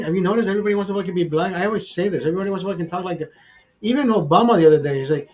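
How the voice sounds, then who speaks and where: A man's voice: high-pitched, lively intonation, rapid-fire, darkish tone, faint music behind. A man hosting a casual livestream chat, crude and profane, rambling with many restarts. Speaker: livestream host.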